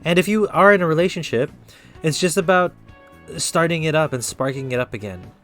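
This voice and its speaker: A man's voice: a little high, brisk, fairly bright tone, soft background music. Chatty New man reading tarot. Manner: chatty, talks straight to chat viewers, loose and upbeat. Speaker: tarot reader and live streamer. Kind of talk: casual live-stream tarot reading.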